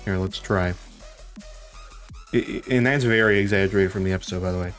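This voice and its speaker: A man's voice: medium pitch, fast talker, faint music behind. A young man chatting casually on a live stream, rambling, laughing often and swearing now and then.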